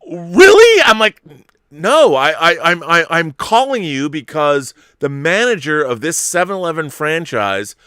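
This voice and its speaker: Casting: man, host of a casual talk show, bright forceful voice, dry close sound, lively storyteller who swears a lot. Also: fairly high pitch, moderate pace, hardly any pauses, clear, resonant tone, no room sound. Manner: animated, swearing, acts out the people in his story. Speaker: podcast host.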